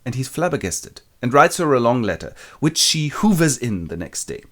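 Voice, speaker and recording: Man narrating with a lively, swinging voice. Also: mid-range voice, moderate pace, few pauses. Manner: irreverent, casual, lively. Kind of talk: comic literature summary.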